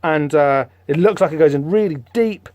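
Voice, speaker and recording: Rambling, higher-voiced podcast host. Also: male voice, moderate pace, no echo. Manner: rambling, animated, many fillers. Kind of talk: casual comic-book commentary.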